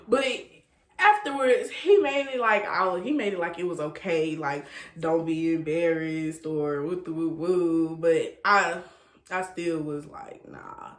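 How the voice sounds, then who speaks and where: A woman telling a casual story to her viewers, animated and laughing, repeating phrases for effect. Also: fairly low pitch, takes it slowly, roomy sound. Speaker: storytime vlogger.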